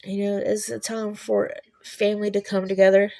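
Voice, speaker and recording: A woman talking casually to camera, rambling and halting with many restarts, earnest and quietly emotional. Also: medium pitch, little pitch movement, vocal fry. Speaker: vlogger. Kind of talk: casual personal talk.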